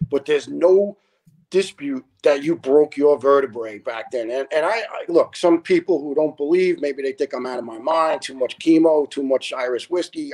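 A middle-aged retired fire lieutenant, a guest in a casual interview, telling stories earnestly and acting out the people in them. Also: male voice, on the high side, a little mellow, poor audio. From New York. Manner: earnest storyteller, quotes people in their own voices.

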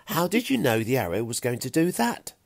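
A man voicing a clever, eager Stone Age boy with a bright, excited delivery. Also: mid-range voice, fairly quick, gravelly, no echo, pitched above the performer's own voice. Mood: thrilled.

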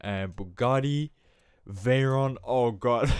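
A young man talks through his gameplay in a casual, chatty way. His voice sits at a middle pitch, and he keeps breaking into excited exclamations and poking fun at himself. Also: slow, smooth, no room sound, clean studio sound. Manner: excitable, self-mocking, exclaims often. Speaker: gaming YouTuber.

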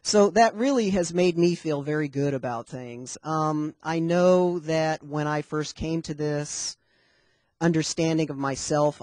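A man's voice: on the high side, darkish tone, dry recording. A man in his fifties giving a candid personal talk at a community forum, wry and conversational. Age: 50s. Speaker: panel speaker.

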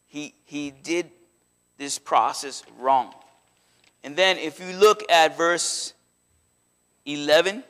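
A man preaching a sermon in a church, in a conversational, animated way that slips into acted quotes. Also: a little high, clear, resonant tone. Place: church sanctuary.

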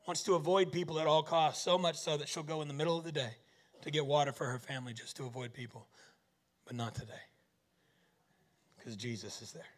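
A man preaching a lively sermon, joking and firing rhetorical questions at the audience. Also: on the high side, brisk, pauses often.

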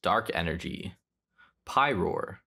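A young man with a deep, expressive voice chats slowly while opening trading card packs, his tone pushed and bright with a little hiss or hum. He rambles offhandedly, correcting himself as he goes.

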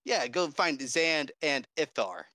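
Brief: male tabletop player, bright edgy voice, dry close mic, stammering. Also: fairly high pitch, very animated, takes it slowly, no room sound. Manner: hesitant, stammering. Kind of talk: casual tabletop play.

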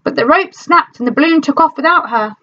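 A woman teacher reads a storybook aloud to her class with an animated storyteller's delivery. Her fairly high voice moves through a wide, lively range. The sound is dull and lo-fi, like a home recording. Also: brisk.

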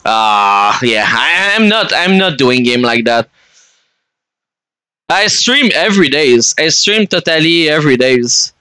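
A man's voice: fairly high pitch, very animated, slow pace, bright, forceful tone, clear, resonant tone, dry recording, rough recording. A young man from Canada, chatting casually and swearing freely as he streams a game and answers his chat.

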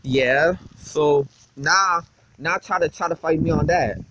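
A young male vlogger on a casual phone call taunts and curses, stuttering and repeating words again and again. His voice leans high and he speaks slowly, with a noisy background behind him.

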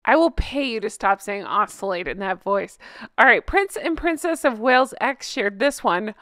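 A woman's voice: medium pitch, animated, moderate pace, bright, forceful tone, no echo, studio quality. A woman co-hosting a casual commentary show, reading out social media posts and reacting with amusement. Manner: amused, laughing often. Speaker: co-host.

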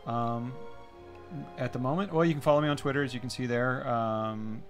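A man's voice: medium pitch, steady tone, moderate pace, soft background music. A man chatting casually on a stream, telling loose, rambling stories about his work. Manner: rambling, storytelling, loose restarts. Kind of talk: casual chat.

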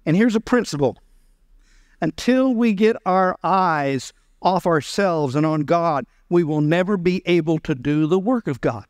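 A man's voice: a little high, lively intonation, a little slow, clean tone, dry recording, clean studio sound. A man preaching a sermon as pastor, acting out the voices of scripture characters. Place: church.

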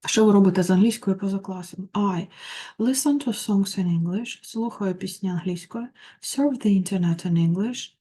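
Woman tutor, mellow, reads English then translates. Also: mid-range voice, moderate pace. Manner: reads English phrases then translates them, with small slips. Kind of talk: textbook walkthrough, reading and translating.

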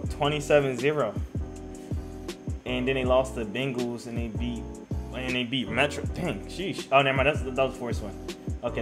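A young man giving casual, slangy commentary on his own football video game, getting loudly hyped over big plays. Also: medium pitch. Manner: excitable, slangy, hypes up plays. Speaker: gaming YouTuber. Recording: music playing in the background.

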